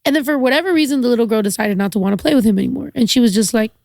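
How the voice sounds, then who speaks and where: A woman's voice: fairly high pitch, racing, gravelly, no room sound, clean studio sound. A woman from Mexico, a podcast guest, talking casually and sympathetically with many fillers. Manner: sympathetic, warm reactions, lots of fillers. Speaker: guest, musician. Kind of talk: casual chat.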